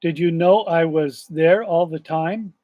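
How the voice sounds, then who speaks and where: A man's voice: fairly high pitch, a little slow, dry recording, lo-fi sound, lightly acted. A man reading aloud as a polite, curious young girl.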